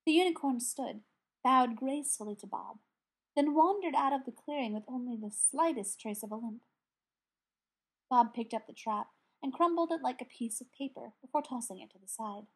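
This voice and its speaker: Woman narrator, audiobook, breathy and somewhat high. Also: normal speed.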